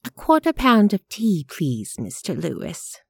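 A woman voicing a prim, quietly disapproving elderly lady in an audiobook reading. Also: mid-range voice, wildly swooping pitch, measured pace, vocal fry, slightly rough, no room sound, clean studio sound, full character voice. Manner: genteel, precise, quietly disapproving. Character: prim, gently sharp-tongued elderly woman.

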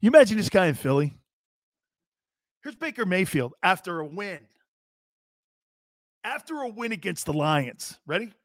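A man's voice: high-pitched, sing-song, normal speed, pauses often, no echo, studio quality. Brash, hollering sports-show host man. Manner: loud, brash, joking, hollering. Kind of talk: live sports talk show.

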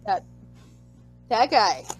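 A woman co-hosting a casual chat, animated and acting out her own reactions in squeals. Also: medium pitch, extremely slow, breathy edge, soft background music, rough recording. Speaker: podcast co-host.

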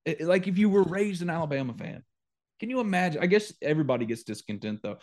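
Joking, ranting man. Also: on the high side. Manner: animated, quick to joke and rant. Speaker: podcast host. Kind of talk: casual sports talk.

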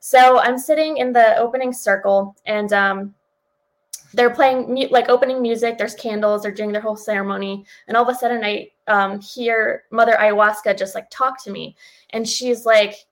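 A woman's voice: on the high side, moderate pace, poor audio. A woman telling a personal story as a guest, speaking candidly with plenty of swearing and filler words. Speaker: podcast guest. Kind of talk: casual storytelling.

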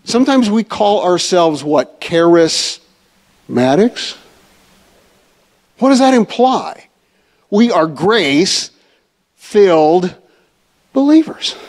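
A man's voice: sits high, big pitch swings, slow, pauses often, a little mellow. A man teaching a church Bible study in a conversational way, asking the audience questions.

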